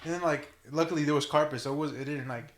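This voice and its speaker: Young dude telling wild sibling stories, laughing a lot, higher voice, echoey room. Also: male voice, fast talker. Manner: animated, laughing storyteller. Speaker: podcast guest. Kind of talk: casual podcast chat.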